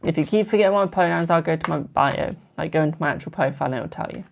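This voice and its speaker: British man, gravelly voice, tarot reader, chatty live stream, affectionate with viewers. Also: on the high side, rapid-fire, slight background noise. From United Kingdom. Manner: chatty, calls viewers "my darling".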